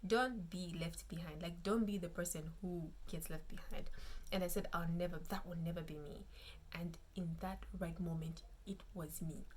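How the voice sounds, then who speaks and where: A woman's voice: on the low side, a little hiss or hum. A young woman, telling a personal story in a casual vlog and chatting frankly to her viewers. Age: young adult. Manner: chatty, frank, keeps addressing viewers as "you guys". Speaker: vlogger.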